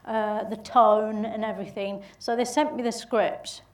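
An actress from England with a Bolton accent tells stories as a guest in a casual interview, chatty and laughing through her anecdotes, often restarting. Her mid-range voice has fairly even intonation and is a little slow. The distant mic gives a roomy, off-mic sound.

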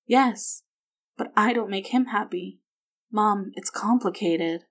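A woman voicing a tearful young mother who talks in halting, broken phrases. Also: mid-range voice. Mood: strained. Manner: hesitant, halting.

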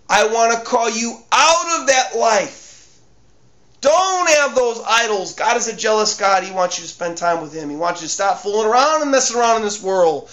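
A pastor delivering a sermon in a strikingly high, bright voice. He fires off pointed rhetorical questions and lets the ends of his phrases sink into a hushed, low murmur. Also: moderate pace. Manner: preaching with emphatic rhetorical questions.

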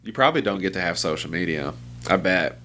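A man's voice: low-pitched, animated, fast, bright, forceful tone, slight background noise. A man telling stories in casual chat, swearing often and laughing between lines. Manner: profane, laughing storyteller.

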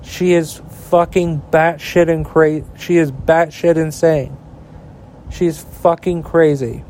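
A man's voice: on the high side, steady tone, darkish tone, no echo. A tired man hosting a podcast alone, rambling and swearing about the news, with many fillers. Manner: profane, angry ranting; slow, rambling delivery with frequent fillers. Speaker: podcast host. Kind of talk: casual solo political commentary.

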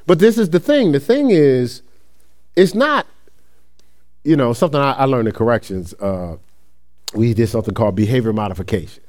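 A man's voice: mid-range voice, animated, moderate pace. A middle-aged man teaching a Bible study class in a conversational way, reading scripture and then explaining it with stories from his own life. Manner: restarts sentences and asks listeners "right?".

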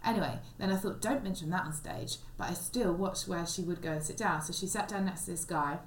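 A woman's voice: lowish voice, brisk. Rambling woman telling a story. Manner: rambling and self-interrupting, with many restarts. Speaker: podcast co-host and stand-up comedian. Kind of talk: casual chat, storytelling. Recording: echoey room, faint background noise.

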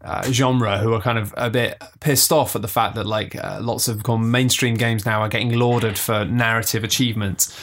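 A man co-hosting a gaming podcast in animated casual chat, full of fillers and quick put-on voices. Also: fairly low pitch. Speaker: podcast co-host. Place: indoors, seated close to co-host.

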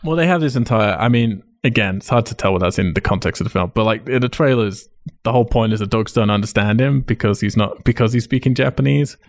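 Man, podcast host, low gravelly voice, dry close mic, laid-back chat. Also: fast talker, no room sound. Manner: laid-back, swears casually, laughs often. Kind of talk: casual chat.

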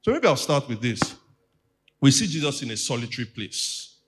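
A man's voice: mid-range voice, big pitch swings, moderate pace, breathy edge. Male pastor, mid-range voice, preaches a teaching sermon and draws the congregation in. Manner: teaching, asks the congregation to repeat after him. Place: church.

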